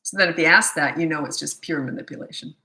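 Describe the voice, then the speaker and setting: A woman's voice: deep voice, fast talker, pushed and bright. A middle-aged woman parenting coach answering questions bluntly, with no filter and a habit of laughing at herself. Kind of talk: live Q&A answering viewer questions.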